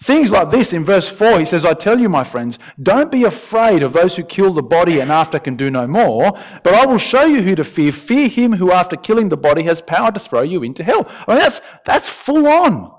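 A man preaching a sermon in a conversational, animated way, with asides to the congregation. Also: high voice, brisk, hardly any pauses. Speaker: pastor. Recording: dull, lo-fi sound.

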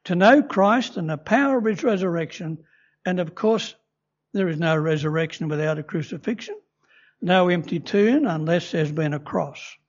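A man's voice: sits high, lively intonation, moderate pace. An older man preaching a sermon in a chatty, self-amused storytelling manner. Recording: dull lo-fi recording.

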